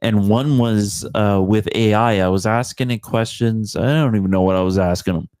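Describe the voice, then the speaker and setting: A man co-hosting a casual chat, telling stories in a rambling, animated way. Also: fairly low pitch, normal speed, clear, resonant tone, no echo, studio quality. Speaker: co-host.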